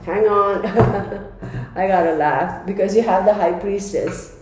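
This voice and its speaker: Chatty woman tarot reader, mellow tone, very echoey room. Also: mid-range voice, slow pace. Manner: chatty, laughing, talks straight to viewers. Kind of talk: casual spoken tarot reading.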